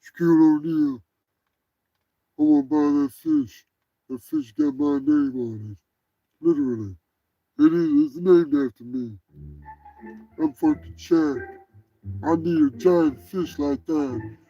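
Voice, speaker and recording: A man's voice: a little high, slow pace, long pauses, no room sound, lo-fi sound. A man doing a clumsy impression of a famous basketball star, boasting and swearing. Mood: boastful.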